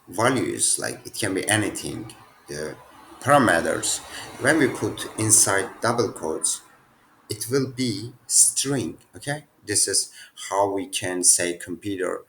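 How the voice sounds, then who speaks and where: A man's voice: deep voice, vocal fry, a bit bright, a little hiss or hum. A young man with non-native phrasing, casually talking through programming quiz answers at his computer. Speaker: programming teacher. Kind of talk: casual screen-share tutorial.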